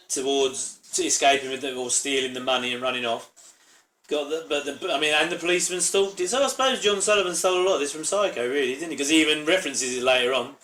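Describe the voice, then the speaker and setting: A man's voice: fairly high pitch, fairly bright tone, reverberant. A man hosting his own channel, giving casual, rambling reaction commentary full of asides. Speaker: channel host reviewing a TV episode.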